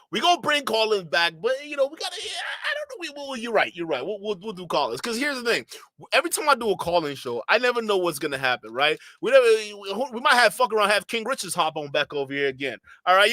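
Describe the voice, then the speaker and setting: A man streaming a casual reaction commentary, talking back to clips with sarcastic, animated asides. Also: sits high, fast talker, dry recording.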